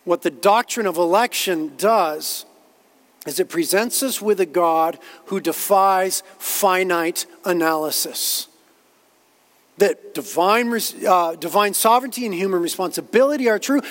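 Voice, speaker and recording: In a large hall, a man with a high voice preaches a sermon as a pastor. He is earnest, repeating lines and quoting others to build his point.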